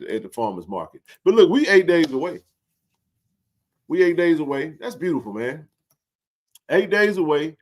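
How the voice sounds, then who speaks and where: A man hosting a casual sports livestream, animated and joking in colloquial speech. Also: medium pitch. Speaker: sports talk show host.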